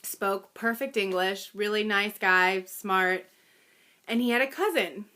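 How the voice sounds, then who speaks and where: A woman in her thirties tells a personal story in a casual, chatty way. Her voice is bright and clear, and her tone is self-deprecating, with little laughs and fillers along the way. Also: medium pitch, slow.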